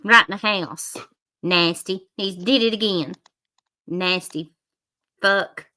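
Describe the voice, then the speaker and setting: A woman's voice: mid-range voice, moderate pace, bright, forceful tone. A woman hosting a casual reaction commentary, blunt and profane and laughing often. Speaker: commentary channel host.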